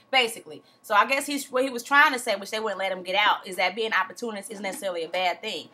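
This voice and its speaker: A woman's voice: mid-range voice, expressive, fast talker, few pauses, sharp tone, a little hiss or hum. A woman recapping a reality show from home in a casual, chatty way, full of slang and acted-out quotes. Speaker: TV recap vlogger.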